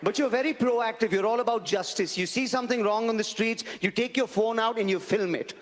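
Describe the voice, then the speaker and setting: A man's voice: sits high, moderate pace, some chatter behind. A man with an Indian accent from India, performing a stand-up comedy set in a large live venue with a wry, ironic delivery. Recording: reverberant hall with live audience and noise.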